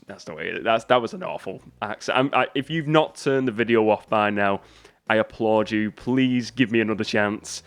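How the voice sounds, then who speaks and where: A man's voice: fairly low pitch, moderate pace, clear, resonant tone, no echo. A man chatting casually to camera about movies. He rambles, restarts his sentences and pokes fun at himself. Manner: chatty, rambling and self-deprecating, with many restarts. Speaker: movie YouTuber. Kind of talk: casual vlog chat.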